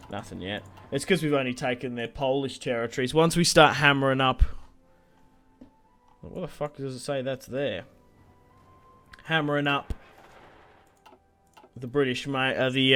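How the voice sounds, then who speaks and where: A man's voice: mid-range voice, a bit bright, clear, resonant tone. Joking, swearing gamer guy. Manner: joking, profane, rambling. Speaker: gaming video host. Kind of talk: casual gameplay commentary.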